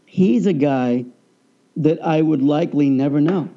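A man telling a personal story in a casual conversation, animated and acting out the people he quotes. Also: on the high side, unhurried. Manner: animated, acts out quoted voices. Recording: dull lo-fi sound.

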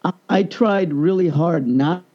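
A man's voice: a little high, a little slow, dull audio. A man in a casual chat, animatedly telling personal stories and acting out the voices of the people in them. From United States. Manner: animated storyteller, acts out quoted voices.

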